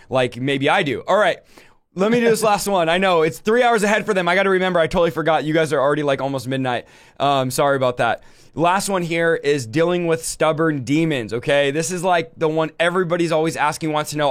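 Fast-talking animated man hosting. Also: fairly high pitch. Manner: fast, animated, rambling with fillers. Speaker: host. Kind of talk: casual ministry podcast talk.

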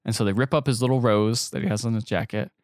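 A man's voice: fairly low pitch, fast talker, dry recording, studio quality. A man co-hosting a podcast, casually recapping a movie and acting out the characters' lines in mock voices. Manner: animated storytelling, quoting characters in mock voices. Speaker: podcast co-host.

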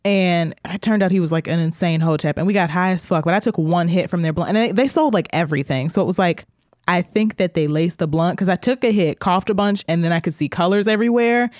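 A woman's voice: on the low side, quick pace, a little mellow, dry recording, clean studio sound. A woman podcast co-host telling a story in casual chat, laughing often and acting out the voices she quotes.

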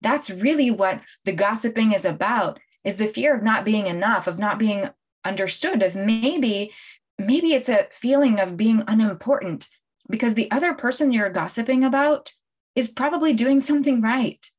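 A middle-aged woman coach talking casually on a livestream, animated and often laughing as she tells stories to viewers. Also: on the high side, normal speed, breathy edge. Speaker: life coach hosting a livestream. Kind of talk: casual live-stream talk to viewers.

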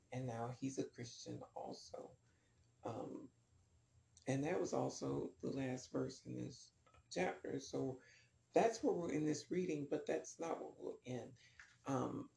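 A man's voice: medium pitch, gravelly, mellow, echoey room. A man teaching a casual Bible lesson, rambling with many ums and restarts.

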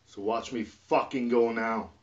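Brief: agitated man, heavy swearing, sudden shifts from mumbling to shouting, dull lo-fi sound. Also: medium pitch, steady tone, unhurried. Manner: profane and agitated, swinging from muttering to yelling. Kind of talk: rambling emotional rant to camera. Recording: distant, dull lo-fi recording.

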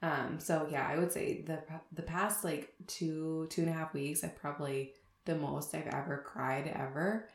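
A woman's voice: sits low, steady tone, moderate pace, echoey room. A young woman telling her birth story in a casual chat, talking in a rambling way with many fillers and frequent laughter. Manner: chatty, lots of fillers, laughs often. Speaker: podcast co-host sharing her birth story.

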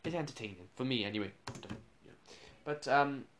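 A man's voice: mid-range voice, fast, noisy background. A man, a radio presenter, casually rambling through funny school anecdotes with restarts and chuckles.

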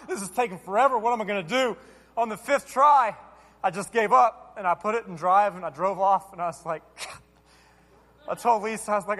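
High-voiced preacher in a reverberant hall. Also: male voice. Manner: animated, self-deprecating storyteller acting out dialogue. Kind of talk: storytelling sermon. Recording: long reverb of a large hall.

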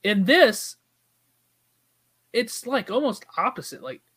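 Brief: man, high voice, casual film chat, animated, does the character lines. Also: takes it slowly, breathy edge. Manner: animated, acts out quoted dialogue. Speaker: podcast co-host. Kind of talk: casual movie discussion.

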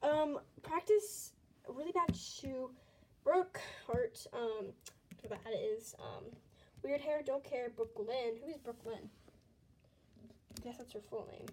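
A teenage girl chats casually at home, high-voiced and self-mocking. She giggles and slips into whispered asides. A faint hiss and small clicks sit under her voice. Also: slow, pauses often, darkish tone, rough recording. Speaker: vlogger. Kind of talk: casual commentary on old sketchbook. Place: bedroom at home.

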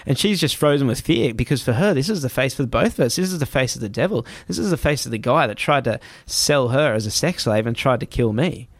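A young man casually telling a story as a guest, animated and acting out the other people's voices. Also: mid-range voice, a little fast, hardly any pauses, no room sound, clean studio sound. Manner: animated retelling, acts out the voices in his story.

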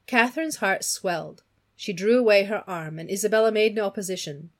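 A woman's voice: mid-range voice, fairly quick. A woman reading a novel aloud with expression, voicing the characters and stopping to chat about the story. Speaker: reader of a novel.

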